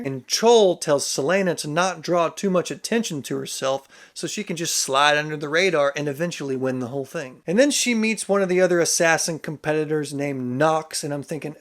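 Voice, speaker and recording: Man, book reviewer, casual vlog, sarcastic asides, slightly high voice. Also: a little fast, few pauses.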